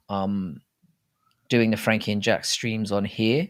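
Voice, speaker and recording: A man co-hosting a live stream, talking in a relaxed, casual way with small restarts. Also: on the low side, takes it slowly. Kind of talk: casual chat.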